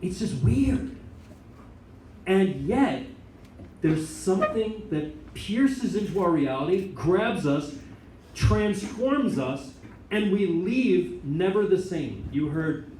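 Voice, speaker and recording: Animated American priest telling stories. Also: male voice, sits high, slow, slight background noise. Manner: animated storytelling with many asides and laughs. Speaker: Catholic priest and chaplain. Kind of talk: informal talk to a student group. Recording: echoey room, mic at a distance.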